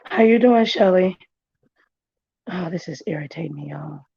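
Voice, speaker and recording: A woman host who has lost her voice, hoarsely chatting with her viewers and greeting them by name. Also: on the low side, normal speed, warm tone, dry recording. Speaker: livestream commentary host. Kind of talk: casual chat. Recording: dry, muffled stream audio.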